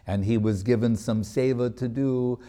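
A man's voice: mid-range voice, fairly even intonation, normal speed, warm tone. A man giving a religious talk, retelling a sacred story in a loose, conversational way with casual asides. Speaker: spiritual teacher.

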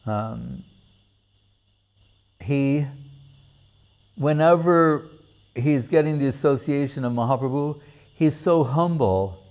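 A man telling a devotional story as a sermon, in an unhurried, deliberate manner. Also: mid-range voice, animated, a little mellow. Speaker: religious storyteller.

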